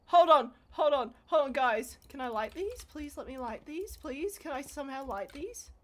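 High-voiced woman streamer, mumbling to screaming. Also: expressive, moderate pace. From Australia. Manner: loud, swings from mumbling to screaming; swears freely, self-mocking. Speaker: livestreamer. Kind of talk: casual streaming chat.

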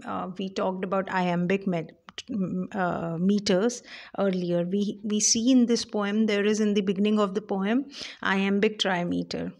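A woman lectures on poetry at an unhurried pace. She talks deliberately, with frequent fillers and self-corrections. Her voice sits at a middling pitch. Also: fairly even intonation, creaky, darkish tone. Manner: slow, deliberate, with many fillers and restarts. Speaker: English literature lecturer.

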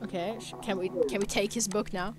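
A woman's voice: medium pitch, steady tone, a little fast, heavy background noise. A young woman casually commenting as she plays a game, playful and mischievous, often trailing off mid-sentence. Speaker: gamer. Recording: loud game music behind. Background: game music.

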